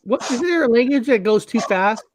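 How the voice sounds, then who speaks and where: A man with a high voice chatting on a podcast. The sound is dry and close. He asks questions in an easygoing way. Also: normal speed, dry recording. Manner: relaxed, asks questions, reads viewer comments. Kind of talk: casual chat.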